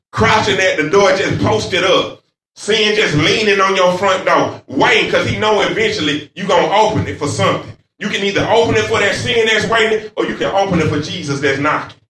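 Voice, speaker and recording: High, fiery preaching man. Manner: fervent, swinging between shouting and hushed. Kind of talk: sermon. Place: church sanctuary. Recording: echoey church from far off.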